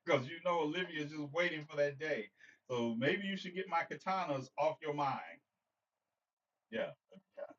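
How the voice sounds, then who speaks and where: A man's voice: on the high side, measured pace, long pauses, fairly bright tone, recorded from a distance. A man hosting a casual livestream, joking and rambling as he talks to viewers by name. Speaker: livestream host. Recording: dull lo-fi sound, slightly off-mic.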